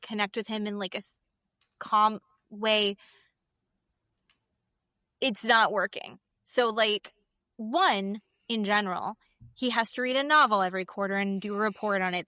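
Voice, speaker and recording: A woman's voice: mid-range voice, sharp tone, smooth, dry recording, studio quality. A middle-aged woman co-hosting a podcast, chatting casually and saying "like" a lot. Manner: chatty, uses "like" often. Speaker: podcast co-host. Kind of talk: casual chat.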